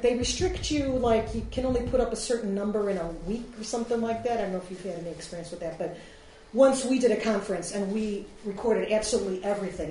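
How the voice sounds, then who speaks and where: A woman's voice: mid-range voice, dark tone. Chatty woman presenting a workshop. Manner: chatty, rambling, many fillers. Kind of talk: informal talk on free online tools. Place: room with an audience. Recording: echoey room, slight noise.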